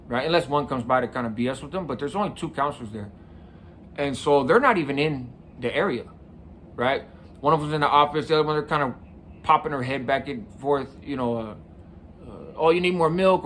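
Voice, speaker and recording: A middle-aged man from California recounts his own story in a relaxed, conversational way, often checking in with his listener as he goes. His voice sits at an ordinary mid pitch, with a faint hum of ambience behind it. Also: a little fast. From San Mateo County, California. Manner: casual, conversational, often adds "right?". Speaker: podcast host. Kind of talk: personal storytelling.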